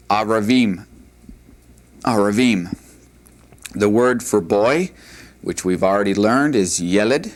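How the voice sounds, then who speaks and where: A man teaching a recorded language lesson, patiently saying each vocabulary word twice, with frequent fillers. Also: fairly low pitch. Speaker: Hebrew teacher.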